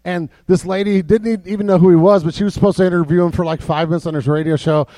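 High-voiced man preaching conversationally. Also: fairly even intonation, fast talker, mellow, no room sound. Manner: conversational preaching with many fillers and restarts. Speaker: pastor. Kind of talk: sermon.

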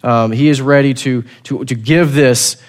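A man preaching a sermon, retelling a scripture story with lively acted-out voices and frequent repeated words. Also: mid-range voice, a little slow. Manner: animated storytelling, acting out the characters; repeats words while finding the thought. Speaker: pastor.

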